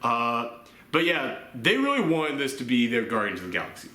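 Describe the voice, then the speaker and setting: A man's voice: mid-range voice, sing-song, moderate pace, pushed and bright. A man ranting in a casual chat about a film, exasperated and swearing freely. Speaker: movie reviewer. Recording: roomy echo.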